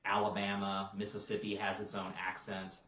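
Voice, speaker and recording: A man's voice: low-pitched, completely flat delivery, moderate pace, fairly bright tone, recorded from a distance. A man, a language teacher co-hosting a podcast, explaining patiently in casual talk, demonstrating sounds and using plenty of fillers. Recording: roomy, dull lo-fi sound.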